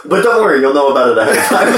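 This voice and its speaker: A man's voice: on the high side, fast talker, reverberant, crowd noise. A man co-hosting a podcast, teasing his friends and steering the chat. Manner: lively, teasing, leads the topic. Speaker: podcast co-host. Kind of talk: casual banter, swearing.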